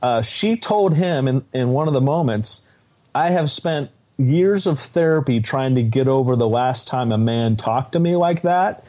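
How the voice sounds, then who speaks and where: A man co-hosting a podcast, talking in a halting, restarting way about a reality show episode. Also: mid-range voice, expressive, dark tone. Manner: halting, many restarts and fillers. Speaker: podcast co-host. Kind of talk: casual chat. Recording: dull, muffled audio.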